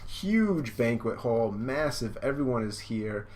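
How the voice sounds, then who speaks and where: A man's voice: medium pitch, big pitch swings, slow, darkish tone. A young man reading and reacting to a manga live, rambling and amused, with many fillers.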